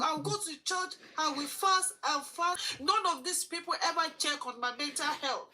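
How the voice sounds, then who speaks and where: A woman talks as an interview guest. Her voice sits high and sounds clear and bright. She speaks earnestly and haltingly, circling back over her own phrases. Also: a little hiss or hum, low-quality recording. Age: 40s. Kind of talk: emotional personal testimony.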